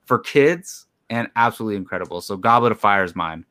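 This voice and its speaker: A man's voice: lowish voice, animated, quick pace, bright, forceful tone, clear, resonant tone. A young man hosting a casual podcast chat, enthusiastic and laid-back as he leads the segments. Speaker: podcast host.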